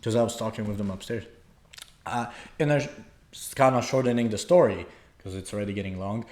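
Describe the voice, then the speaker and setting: A man's voice: lowish voice, fairly quick, darkish tone. Young man rambling through a story. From Poland. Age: young adult. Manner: rambling storyteller, many fillers and restarts. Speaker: podcast co-host. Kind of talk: casual chat.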